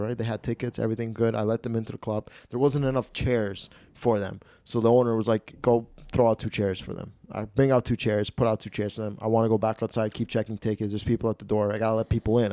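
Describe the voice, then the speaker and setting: A young man hosting a comedy podcast, telling a rowdy story and acting out the shouted lines. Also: medium pitch, no room sound. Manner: animated, swearing, acts out quotes loudly. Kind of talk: casual storytelling.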